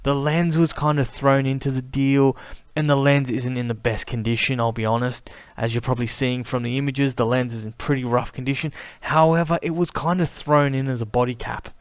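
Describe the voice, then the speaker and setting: A talkative man rambling excitedly to camera in a relaxed vlog. His voice sits at an ordinary middle pitch, and the sound is dry and close with no room echo. He keeps tossing in "mate" as he chats. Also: brisk, smooth. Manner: chatty, animated, says mate a lot. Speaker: camera vlogger. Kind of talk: casual enthusiastic monologue.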